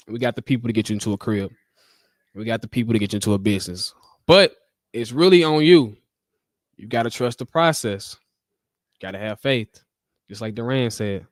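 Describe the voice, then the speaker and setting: Brief: male streamer host, punchy and slangy, close dry mic, mid pitch. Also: no room sound. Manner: loud, animated, slangy, teasing. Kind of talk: casual live-stream chat.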